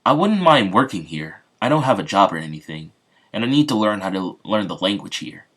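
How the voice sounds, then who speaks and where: A man's voice: lowish voice, big pitch swings, brisk, fairly bright tone. A man voicing a jobless young newcomer to another world who speaks plainly. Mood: frank.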